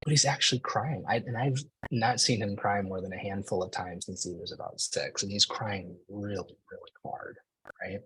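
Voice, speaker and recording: A man's voice: lowish voice, steady tone, moderate pace, pushed and bright, husky, dry recording, rough recording. A man in his forties telling a personal story to an audience in a casual, conversational way, often saying "like" and "right?". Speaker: speaker.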